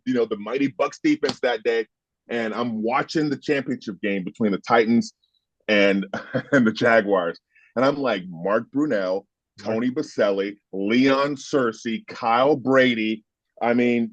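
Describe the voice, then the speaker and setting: A man's voice: mid-range voice, moderate pace, no room sound. A man in his fifties, a former football player, telling stories in an interview, emphatic and heated as he recounts them, swearing now and then. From United States. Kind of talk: animated storytelling in conversation. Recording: dry, slightly dull sound.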